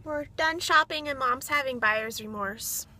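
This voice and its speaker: A woman's voice: high voice, a little slow, sharp tone, faint music behind. A woman chatting casually and rambling through her day for a vlog, filmed on a phone in a car. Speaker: vlogger. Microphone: phone camera.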